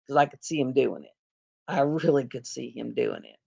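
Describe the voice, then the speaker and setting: This livestream host, a middle-aged woman, has a bass voice that is expressive, creaky, and dark-toned with a breathy edge, delivered at a moderate pace. Hosting a casual live chat, she rambles through stories with frequent laughter and acts out other people's voices.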